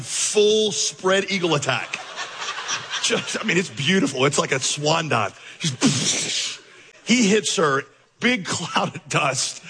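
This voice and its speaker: A male pastor telling a lively story in a sermon, acting out the voices in his dialogue. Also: high voice, slightly rough, in a large hall.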